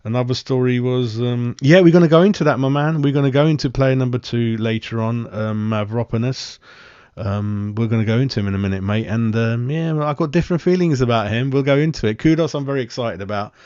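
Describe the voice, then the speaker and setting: A man hosting a live-stream football fan show, chatting in a rambling way, answering viewers' comments and calling everyone mate, often clearing his throat. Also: mid-range voice, brisk, darkish tone, no room sound, muffled recording. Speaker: football fan channel host.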